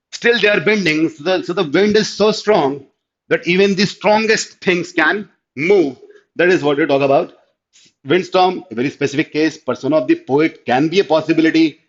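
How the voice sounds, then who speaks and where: Indian man teaching an online class. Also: on the high side. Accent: Indian English. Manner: explanatory, checks understanding with repeated "clear?", mixes in Hindi. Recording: slightly dull lo-fi audio.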